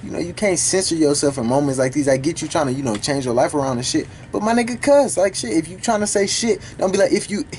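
A man recording casual reaction commentary for a video, talking back to the song in an animated, profane way. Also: on the high side, quick pace, few pauses, slight background noise. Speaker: music reaction YouTuber.

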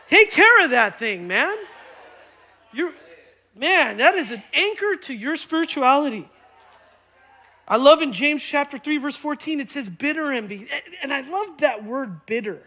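A man preaching a sermon in church, energetic and conversational, often checking in with the congregation. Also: extremely high pitch, normal speed, long pauses, a faint crowd. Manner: energetic, conversational, keeps asking "right?". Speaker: pastor. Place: church sanctuary.

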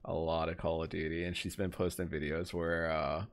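A young man talks through a game stream in a relaxed, rambling way, reading out and greeting viewers by name. His voice sits low with a noticeable gravelly fry. He drifts from topic to topic in casual, unscripted chat. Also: moderate pace.

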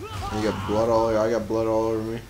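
A man's voice: fairly low pitch, completely flat delivery, fast, background noise. Joking young man playing a game. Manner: joking, swears casually, laughs often. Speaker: gamer playing and commenting. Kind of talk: casual let's-play banter.

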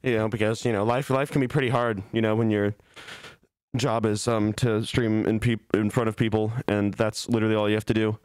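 A man's voice: fairly low pitch, little pitch movement, a little fast, a little mellow, smooth, dry recording, clean studio sound. A male streamer doing a mock-melancholy, self-pitying comic bit in casual stream chat, breaking into laughs, speaking from his office. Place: office, sitting on a beanbag.

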